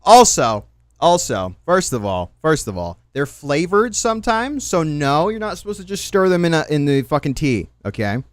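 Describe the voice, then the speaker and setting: A man's voice: on the high side, normal speed, no room sound. A man hosting a livestream, ranting and joking in a casual, profane way. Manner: profane, animated, rambling rants. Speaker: livestream host. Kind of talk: casual stream commentary.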